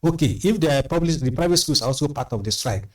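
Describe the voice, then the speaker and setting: A man, a guest on a studio panel, speaking in a measured way and repeating phrases for emphasis. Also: on the high side, lively intonation. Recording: slightly distant mic.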